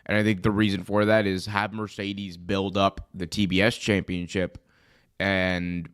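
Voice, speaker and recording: A young man who is hoarse from being sick, hosting a live wrestling commentary stream in a chatty, rambling way that often corrects itself. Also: low-pitched, level tone, measured pace, a bit bright. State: hoarse, recovering from illness. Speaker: wrestling show host.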